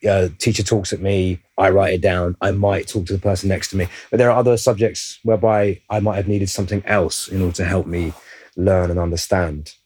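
A man's voice: sits low, level tone, a little fast, darkish tone, slightly rough, rough recording. A man, an actor leading a casual interview, who speaks in a thoughtful, reflective way and sometimes searches for his words.

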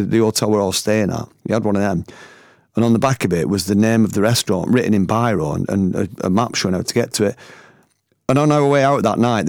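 A gravelly, fairly low-voiced middle-aged man spins a personal yarn, slangy and chatty, chuckling along. The sound is dry and close, with no room around it. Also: dry recording. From north of England. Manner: colloquial, laughs through the telling. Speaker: storyteller and former band member. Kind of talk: anecdotal storytelling.

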